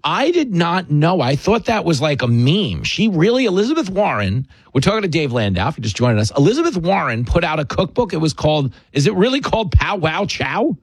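A man's voice: on the high side, big pitch swings, a little fast, few pauses, husky, no room sound. A man hosting a talk show, joking with a guest in loose comedic banter and laughing often. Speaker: radio host.

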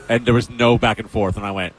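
A man's voice: mid-range voice, steady tone, moderate pace. A man co-hosting a radio show, chiming in with short reactions in casual on-air banter. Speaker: radio co-host.

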